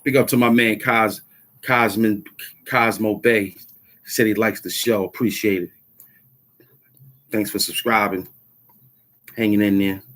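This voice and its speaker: A man's voice: lowish voice, fairly even intonation, a little slow, pauses often, a bit bright. A middle-aged man hosting his own vlog, ranting about politics in heated street slang and repeating phrases for emphasis. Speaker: vlog host. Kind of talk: casual political rant to camera.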